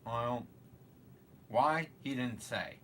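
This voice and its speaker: A man's voice: medium pitch, fairly even intonation, unhurried, a bit bright, a little hiss or hum. Hesitant man rambling on a live show. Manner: hesitant, trailing off, many restarts. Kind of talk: casual rambling commentary.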